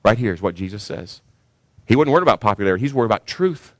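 A man's voice: lowish voice, very animated, racing, no room sound. A man pastor delivering a sermon to his congregation, preaching emphatically and rising sharply when he stresses a point.

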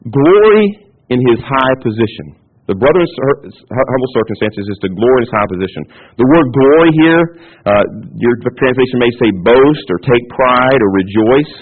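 Husky-voiced male preacher, teaching a sermon in the style of a Bible lesson, heard through a thin, phone-like radio feed. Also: medium pitch. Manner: teacherly, checks in with the listeners often; repeats words when restarting. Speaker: pastor. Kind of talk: expository sermon. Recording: tinny phone-band radio broadcast.

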